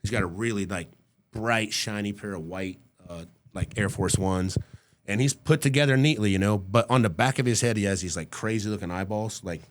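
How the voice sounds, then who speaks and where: A middle-aged man with a fairly low voice tells a story as a guest on a podcast. He talks casually and swears freely. He acts out the people he quotes in quick little voices. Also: slight background noise. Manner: casual and profane.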